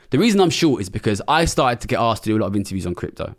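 A man's voice: medium pitch, big pitch swings, racing. A man, a former trader giving an interview in a blunt, passionate, sweary way. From England. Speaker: economist and former trader, guest.

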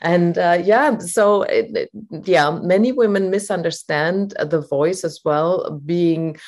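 A woman's voice: lowish voice, slow, a little mellow. A woman voice coach talking as an interview guest, thoughtful and hesitant, with many fillers. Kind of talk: interview guest, reflective chat.

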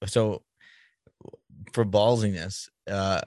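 A man with a Boston accent, a comedian guest, talking bluntly in a gruff tone that sounds annoyed. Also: on the low side, fairly even intonation, drawn-out words, a little mellow, no echo, studio quality. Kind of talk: casual chat.

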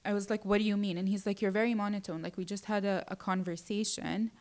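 A woman's voice: medium pitch, quick pace. Young woman telling a date story. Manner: animated storytelling, quotes others, swears. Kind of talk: casual chat.

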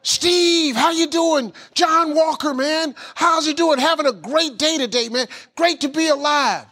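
A man acting out a relentlessly cheerful caller on the phone, loud and upbeat, keeps repeating "man". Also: very high voice, unhurried, voice pushed up, exaggerated voice. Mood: overly cheery.

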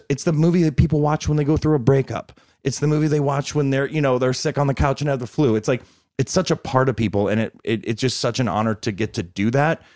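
A man in his forties chatting on a close, dry mic. He tells stories with lots of energy and slips into playful voices for the people he quotes. His pitch sits right in the middle. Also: dry recording. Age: 40s. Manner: animated storyteller, acts out quotes in shifting voices. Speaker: actor guest. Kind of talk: casual interview chat.

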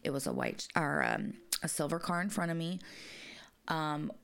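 Woman, low voice, gravelly, casual storytelling, swears a lot. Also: huge pitch swings, normal speed, fairly bright tone. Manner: storytelling, frequent swearing and fillers. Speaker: podcast co-host. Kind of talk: casual chat.

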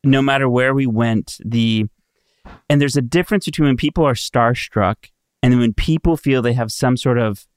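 Male co-host, 30s, mid-pitched, measured and reflective, dry studio mic. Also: smooth, dry recording. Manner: measured, reflective, thinks aloud. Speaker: podcast co-host. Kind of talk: casual chat.

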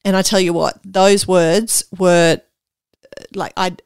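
A woman's voice: fairly low pitch, fairly even intonation, slow pace, clear, resonant tone, no echo, studio quality. A woman hosting a solo podcast, chatty and enthusiastic, with gushing asides. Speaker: podcast host.

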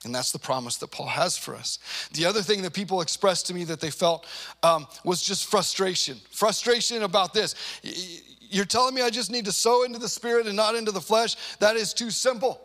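Brief: a high-voiced male preacher, lively storyteller acting out quotes. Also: fairly quick. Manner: animated storytelling, acts out quotes. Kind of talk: conversational sermon.

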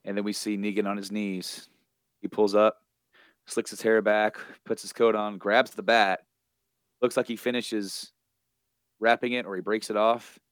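A low-voiced man rambles through a casual comic book recap, full of restarts and fillers. The sound is close and dry, with no room around it. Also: level tone, unhurried, long pauses, clear, resonant tone, dry recording.

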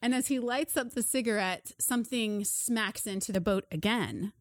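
A woman's voice: fairly high pitch, normal speed, no echo, studio quality. Woman game master narrating casually. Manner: relaxed, conversational, with "uh"s. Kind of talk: narrating a tabletop horror game.

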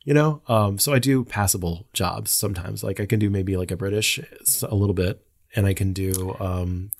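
A man's voice: low voice, normal speed, gravelly. A man co-hosting a podcast in casual chat, reading out listener messages in a rambling way, full of fillers and easy laughter. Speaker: podcast co-host.

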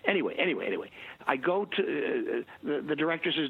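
An older man, a guest in an interview, telling anecdotes in a halting way with many restarts and chuckles. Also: fairly high pitch, big pitch swings, husky, no echo, phone-quality sound. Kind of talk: rambling anecdotal conversation.

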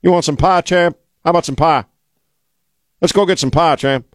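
A man putting on an impression of a gruff older movie star, pushing pie in a drawl. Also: a little high, normal speed, no room sound, clean studio sound, voice pushed up, close to an everyday voice. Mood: pushy.

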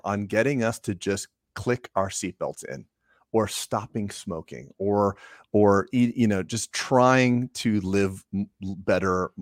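Low-voiced man in casual dental chat. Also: dry recording, clean studio sound. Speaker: dental podcast co-host.

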